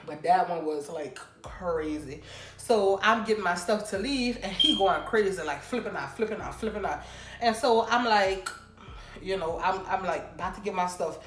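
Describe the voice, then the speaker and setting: A young woman vlogger telling a casual storytime, animated and chatty, talking straight to her viewers. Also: mid-range voice, normal speed. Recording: roomy room with faint background noise.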